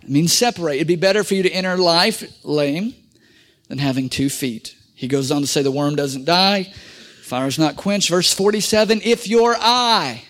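Male pastor, high voice, lively call-and-response sermon with humor. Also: moderate pace. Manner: lively call-and-response preaching, prompts congregation to repeat; humorous asides and rhetorical questions. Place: church sanctuary.

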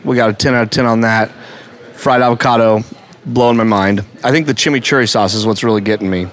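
A man's voice: mid-range voice, steady tone, fast. A playful man chats his way through a taco tasting. He recorded outdoors in a town. He teases his friends and calls out what they are eating. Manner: playful, jokey, narrates what others do. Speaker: co-host of a food review show. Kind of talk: casual food-tasting chat.

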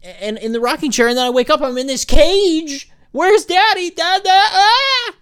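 A man's voice: very high voice, lively intonation, normal speed, fairly bright tone, pitched above the performer's own voice. A man voicing a frightened baby boy who wakes up alone in his crib and cries out for his parents. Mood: panicked. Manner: wailing, panicked.

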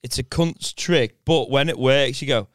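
A man's voice: medium pitch, moderate pace, no echo. A man in casual podcast chat, swearing freely and riffing with his friends. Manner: loose, sweary banter with friends.

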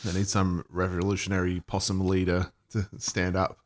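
A man's voice: deep voice, monotone, normal speed. A man throwing short sardonic asides into a casual chat.

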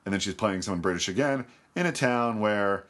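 A co-host in a casual film podcast, wry and full of trivia. The voice sits very low. Points come in a loose, explanatory flow. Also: brisk. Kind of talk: casual chat about classic films.

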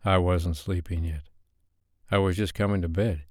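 A man voicing a protective man who speaks softly and tenderly to comfort his partner, in a low, dry voice. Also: fairly even intonation, moderate pace, no echo, close to an everyday voice. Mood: gentle. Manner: soft, soothing, tender.

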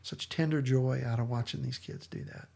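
Male podcast host, mid-pitched, gravelly and slightly raspy, earnest and enthusiastic in casual talk. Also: fairly even intonation, moderate pace, mellow.

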